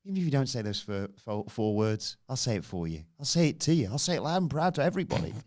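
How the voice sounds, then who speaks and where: A man reenacts a scheming wrestler who coaxes and pleads, voice soft and falsely sincere, his tone swinging between tender hushes and lifted appeals. The read is casual, close to the man's own voice, with a lively rise and fall. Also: mid-range voice, fast, natural voice. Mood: pleading. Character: a scheming male wrestler pleading for family loyalty.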